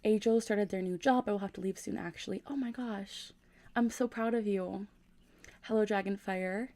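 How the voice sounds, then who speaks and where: Late at night in her room, a woman in her twenties reads comments on a livestream, speaking quietly and casually through a gaming USB mic. Her voice is medium-pitched and warm, with fairly even intonation at a normal speed.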